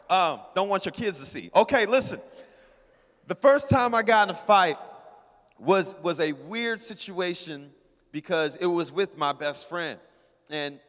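A man with a high voice preaching a storytelling sermon, casual and playful as he calls out to his congregation. His words ring out with a long reverb from the hall around him. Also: fairly bright tone. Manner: casual, playful, talks to the crowd. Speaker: pastor.

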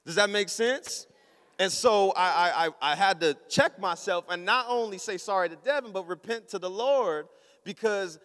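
A man preaching a storytelling sermon, acting out his own thoughts and his wife's replies in a lively, casual way. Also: high voice, big-room sound. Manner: animated, acts out his own inner voice and his wife's.

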